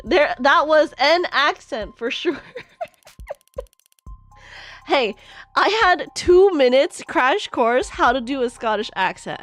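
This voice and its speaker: A giggly woman streamer chatting with her chat, excitable and self-deprecating. Her voice runs fairly high, with faint music in the background. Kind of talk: casual chat with livestream viewers.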